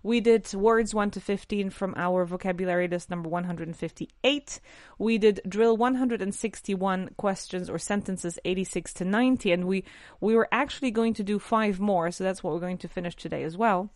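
A woman hosting an English lesson podcast, her voice nasal from allergies, chatty and quick to correct herself. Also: medium pitch, no room sound, studio quality. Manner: chatty, self-correcting, lively. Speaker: English teacher, podcast host. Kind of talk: casual language lesson.

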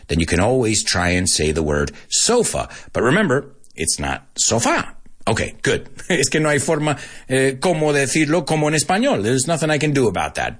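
Male podcast teacher, husky, very animated pitch, laughs a lot. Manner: animated, sings snippets and switches into Spanish; laughs often. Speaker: English teacher podcast host. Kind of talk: casual podcast lesson.

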